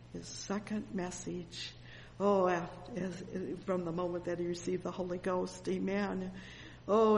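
A woman delivers a sermon slowly and deliberately, punctuating her retelling with fervent exclamations. Her voice rings out with a long hall reverb, and a faint ambient hum sits behind it. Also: medium pitch. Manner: fervent, frequent exclamations of "oh" and "amen". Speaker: preacher.

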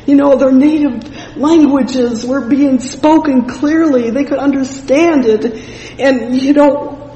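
Reading scripture in a fervent sermon, a preacher speaks a little slowly in a warm, medium-pitched voice. He keeps breaking into "praise the Lord" between casual asides, with frequent "you know" fillers and restarts, all in a hall with long, echoing reverb.

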